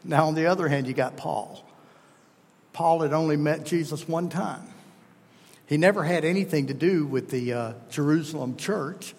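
Middle-aged male preacher, earnest storyteller, raspy, lingering hall reverb. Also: on the high side. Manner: earnest storytelling, emphatic, self-correcting. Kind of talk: sermon.

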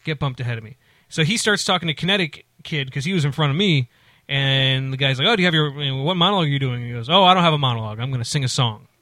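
A man's voice: medium pitch, racing, sharp tone, no echo. A man casually telling a long, rambling story, with many restarts and acted-out quotes of other people.

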